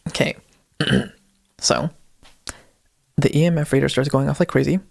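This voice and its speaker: Young male co-host, casual rambling storyteller, fry in the voice, dry sound. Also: mid-range voice, steady tone, normal speed, darkish tone, no echo. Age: young adult. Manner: rambling, heavy use of "like" and "um". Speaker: podcast co-host.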